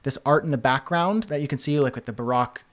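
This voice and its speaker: A man with a medium-pitched voice talks fast while teaching web design through a screen-share walkthrough. He's casual, thinking out loud with fillers and restarts.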